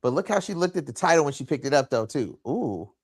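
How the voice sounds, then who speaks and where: A man co-hosting a casual wrestling watch-along, chiming in with quick, expressive remarks. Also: mid-range voice, creaky, husky. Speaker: wrestling show co-host.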